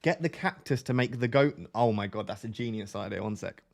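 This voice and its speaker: A man's voice: fairly low pitch, fairly quick, creaky, darkish tone. A man with a nasal voice hosting a casual fantasy football live stream from his home setup, talking into a desk microphone, joking and reading chat aloud. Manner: chatty, jokey, drifts between topics.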